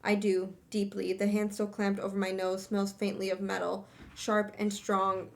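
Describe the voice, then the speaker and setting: A woman's voice: mid-range voice, flat delivery, moderate pace, creaky. A young woman streamer reading a fantasy novel aloud in first person, with casual asides and curses between passages. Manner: reads in first person, breaks off to laugh and curse. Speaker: streamer hosting a book club reading.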